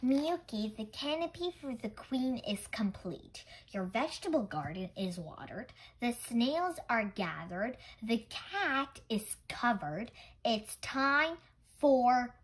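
A woman voicing a patient, weary old grandfather who gently coaxes a child to bed. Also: a little high, expressive, slow, breathy edge, heavily acted, poor audio. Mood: coaxing. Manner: coaxing, repeating gently.

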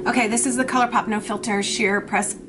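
A woman in her thirties telling a personal story in a confessional makeup vlog, with halting, emotional speech, shaky and anxious. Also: on the high side, steady tone, fairly bright tone, a little hiss or hum. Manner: halting, emotional storytelling with many fillers and restarts. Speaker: beauty vlogger.

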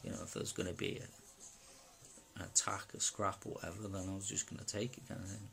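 A man from Wales recounting a personal experience in a rambling, halting way, full of fillers and asides. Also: low-pitched, level tone, creaky, fairly bright tone. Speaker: personal testimony speaker.

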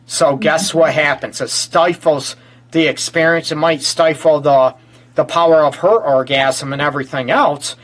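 A man's voice: fairly high pitch, steady tone, moderate pace, fairly bright tone. A man from the Detroit area hosting a casual relationship talk show, interjecting and joking as a counselor. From Detroit area, USA. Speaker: host and counselor.

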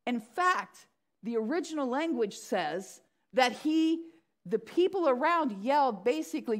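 A woman's voice: sits high, animated, measured pace. A middle-aged woman pastor preaching a sermon, acting out the story's voices with animation.

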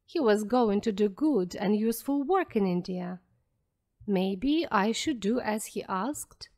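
Slow clear woman reading a story. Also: mid-range voice, lively intonation, a little mellow. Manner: clear, careful and deliberate. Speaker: audiobook narrator. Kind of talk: slow graded-reader narration for learners.

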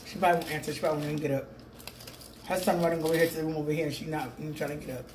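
A woman's voice: sits low, fairly even intonation, rapid-fire. A middle-aged woman rambling casually to her viewers in a mukbang vlog, calling them "people", recorded on a phone with a small mic at home. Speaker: vlogger. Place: room at home. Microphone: phone with small clip-on mic. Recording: echoey room, faint background hum.

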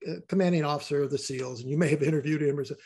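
A man's voice: on the high side, steady tone, very fast, a little mellow, slightly rough. An older man talking as a guest in a casual interview, rambling and repeating words as he tells stories.

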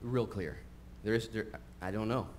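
A man's voice: fairly low pitch, steady tone, normal speed, darkish tone. Man preaching conversationally. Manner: conversational and humorous, shifting into earnest emphasis. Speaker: pastor. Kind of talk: sermon. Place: church service, recorded live. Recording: faint background noise from a live stream.

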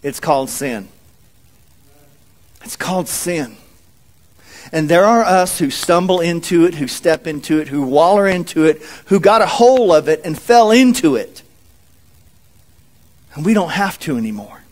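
A man preaching a sermon as a pastor, in an animated, folksy manner. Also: a little high, normal speed. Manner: animated, folksy, acts out quotes.

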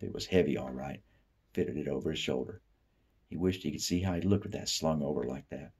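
A man from the Appalachian South giving a steady, unhurried literary reading of a short story. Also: low-pitched, breathy edge. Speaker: author reading fiction.

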